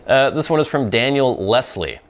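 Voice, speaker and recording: A man's voice: mid-range voice, expressive, moderate pace. A man hosting a pipe-smoking talk show, rambling through viewer questions in casual chat, with frequent ums and restarts.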